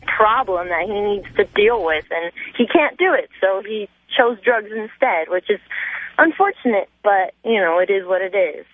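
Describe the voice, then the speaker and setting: A woman's voice: medium pitch, lively intonation, moderate pace, no room sound. A woman calling into a talk radio show, speaking indignantly and with emphasis over a phone line. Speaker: caller.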